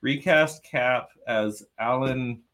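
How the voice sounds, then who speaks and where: A man's voice: mid-range voice, slow pace, a bit bright. A man hosting a casual live-stream chat, telling stories in a loose, chatty way. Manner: storytelling, reading chat comments aloud. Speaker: podcast host.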